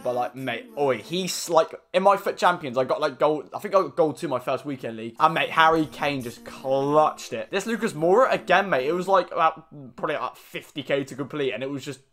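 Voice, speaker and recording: A man's voice: a little high, brisk. A young man with a British accent giving chatty, slangy gameplay commentary for viewers. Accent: British English. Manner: chatty, slangy, excitable, addresses viewers as lads. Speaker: gaming YouTuber.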